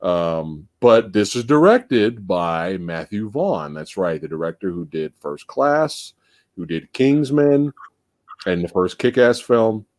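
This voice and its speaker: A man hosting a live movie podcast in casual chat, animated and profane, laughing often. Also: lowish voice, slow pace, no echo, studio quality. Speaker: podcast host.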